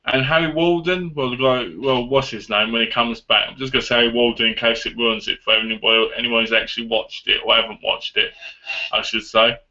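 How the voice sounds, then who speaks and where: A man's voice: mid-range voice, little pitch movement, fairly quick, pushed and bright. A young man casually answering viewer questions, rambling and often correcting himself, in a dull lo-fi recording. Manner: rambling, self-correcting, chatty. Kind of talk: casual chat. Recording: dull lo-fi sound.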